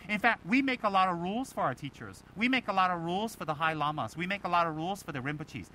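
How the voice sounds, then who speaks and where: A Buddhist teacher giving a dharma talk to students, animated and emphatic, firing rhetorical questions and mimicking other people. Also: male voice, high-pitched, quick pace, hardly any pauses, a little hiss or hum, poor audio.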